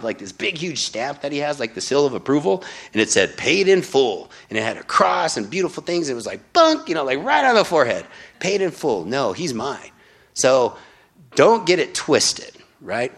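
A man's voice: mid-range voice, a bit bright, slightly rough. A man preaching in an informal Bible-teaching style, often checking in with his listeners. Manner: informal, keeps asking "right?".

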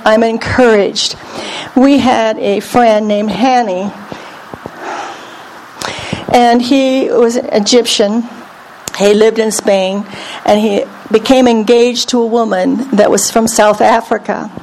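A woman delivers a spirited sermon in a high, bright voice. She tells stories, asks questions, and has the congregation repeat verses after her. A faint hum of noise sits behind her. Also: slow pace. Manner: lively, calls on the congregation to repeat. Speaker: preacher.

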